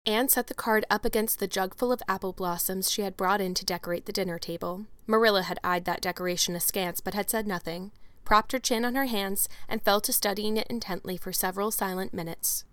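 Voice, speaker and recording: A woman reads a classic novel aloud in calm, even storytelling tones. Her voice is mid-pitched and sits close and dry, with no sound of the room around it. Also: a little fast, clear, resonant tone, no room sound. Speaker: audiobook narrator. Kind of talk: scripted narration.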